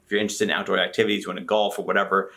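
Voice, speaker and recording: A man's voice: sits low, flat delivery, rapid-fire, pushed and bright. Easygoing joking man realtor. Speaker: realtor and channel co-host. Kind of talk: casual chat.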